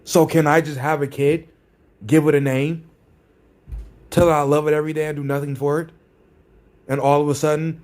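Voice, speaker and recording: A man's voice: on the high side, steady tone, a little fast, pauses often, a little mellow. Sarcastic, combative man ranting. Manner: repeats phrases for emphasis. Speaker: vlogger. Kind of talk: ranting commentary.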